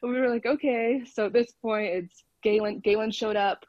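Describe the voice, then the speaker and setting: A woman's voice: a little high, steady tone, moderate pace, no echo, dull audio. A woman guest on a podcast, chatting casually and laughing often as she tells a story over a call. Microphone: phone call.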